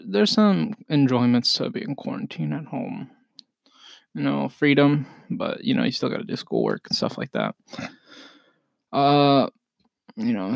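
A man's voice: medium pitch, very animated, moderate pace, vocal fry, dry recording, clean studio sound. A man co-hosting a casual podcast, rambling and swearing freely as he jokes, laughs at himself and keeps burping between sentences. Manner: loose, profane, jokey, laughs at himself. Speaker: podcast co-host. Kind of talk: casual rambling chat, reading posts aloud.

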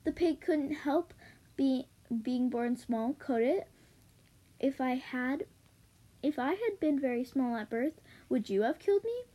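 A woman's voice: expressive, dark tone. A woman voicing a pleading eight-year-old farm girl. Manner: raised pitch, halting read-aloud delivery.

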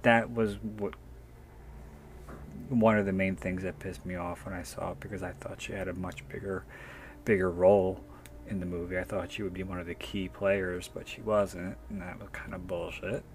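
A man's voice: deep voice, flat delivery, normal speed, slight background noise. A man, an author, telling a story in a candid, self-deprecating way and swearing freely. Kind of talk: casual anecdotal storytelling.

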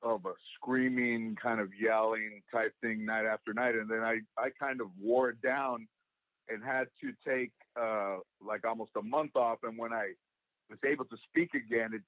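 Gravelly guy chatting in an interview, dry close sound, kinda dull lo-fi audio. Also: on the low side, steady tone, normal speed, dry recording. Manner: storytelling, acts out quoted voices. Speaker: guest, comedian and actor. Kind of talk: casual interview talk.

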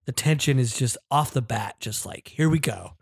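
A man's voice: medium pitch, animated, moderate pace, gravelly, husky, dry recording, studio quality. A man co-hosting a podcast, chatting enthusiastically and often restarting his sentences. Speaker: podcast co-host. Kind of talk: casual chat about a comic book.

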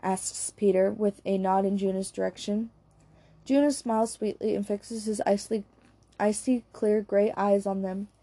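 A woman reading an audiobook as its narrator, in an even, unhurried way. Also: mid-range voice, no room sound. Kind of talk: scripted narration.

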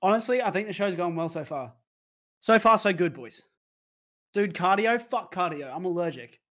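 A man's voice: high-pitched, lively intonation, moderate pace. A man, casually chatting to his livestream audience, swearing now and then. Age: 20s. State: out of breath. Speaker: streamer.

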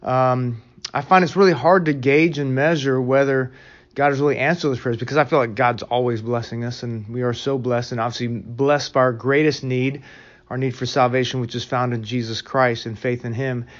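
A man's voice: medium pitch, steady tone, normal speed, dull audio. A man hosting a devotional podcast, speaking earnestly and pastorally to listeners he calls friends, reflecting on a message and praying. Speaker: podcast host.

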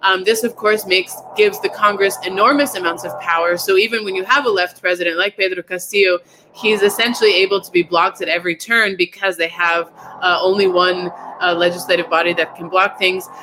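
A woman's voice: lowish voice, fairly even intonation, fairly quick, background noise. A woman correspondent giving an earnest, explanatory news report with fillers. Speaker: field correspondent.

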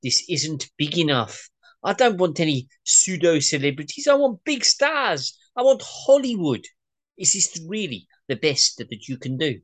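A performer reading an impatient male boss, brusque, lively pitch, comedy table read. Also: moderate pace, breathy edge. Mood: exasperated. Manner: brusque, exasperated.

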